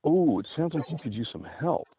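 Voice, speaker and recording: A man's voice: fairly high pitch, lively intonation, brisk, pitched above the performer's own voice, lightly acted. A man voicing a flirty, teasing woman on a date, playful and coy in tone. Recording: tinny phone-like sound, faint hiss.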